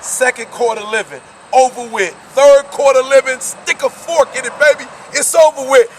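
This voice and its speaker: A man giving an energetic motivational speech, repeating his points and pushing the listener hard. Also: extremely high pitch, normal speed, far from the mic, faint music behind. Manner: energetic, preachy, repetitive call-and-response. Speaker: motivational speaker.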